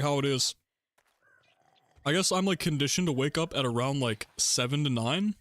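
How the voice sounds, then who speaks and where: A young man streaming a game, chatting casually in a rambling, relaxed way and laughing often between thoughts. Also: mid-range voice, normal speed, dry recording. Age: young adult. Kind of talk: casual gaming livestream chat.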